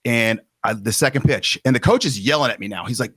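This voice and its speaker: A man's voice: medium pitch, quick pace, fairly bright tone, husky, no echo. A male podcast host spinning a long, rambling story, now and then acting out the other voices in it. He sits right on a close mic in a dead, dry room. His tone is casual and pokes fun at himself. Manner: rambling, self-deprecating, acts out quotes.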